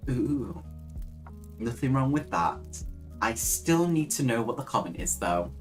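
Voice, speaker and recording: A woman's voice: a bass voice, big pitch swings, a little slow, faint music behind. A young woman hosting a casual live stream, chatting with viewers, reading their comments aloud and laughing often. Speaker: livestream host.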